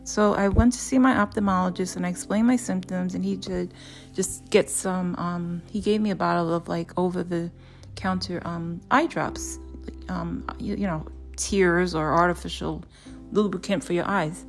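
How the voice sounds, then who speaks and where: A woman's voice: lowish voice, steady tone, normal speed, creaky, soft background music. A woman hosting a podcast, praying aloud, reading scripture and telling her own story in an earnest way, often restarting her sentences. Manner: earnest, with frequent restarts and repeated words. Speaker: podcast host. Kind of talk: prayer, Bible reading and personal testimony.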